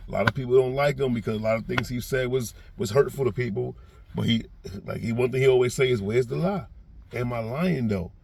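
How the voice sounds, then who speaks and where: With a creaky, medium-pitched voice and a bit of hiss or hum in the recording, a New York-accented man gives a casual reaction-vlog monologue. He rambles through repeated restarts, turning loud and heated as he acts out quotes.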